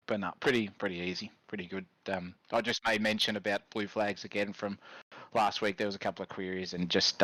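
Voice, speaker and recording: Lower-voiced Australian man swearing casually. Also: steady tone, moderate pace, a bit bright, dry recording, rough recording. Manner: swears freely, laughs, blunt and jokey. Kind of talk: casual chat.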